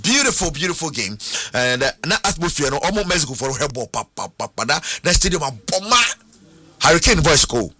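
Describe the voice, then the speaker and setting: A man with a Ghanaian accent presenting a radio sports show, excitable and sing-song as he talks about football. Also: a little high, fairly quick, breathy edge, dry recording. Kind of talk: lively radio sports commentary mixing English and Twi.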